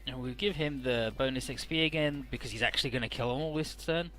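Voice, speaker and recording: A man's voice: medium pitch, quick pace, a bit bright, soft background music. A man giving casual, profane commentary on a game, paraphrasing the characters in goofy voices. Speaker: let's play commentator.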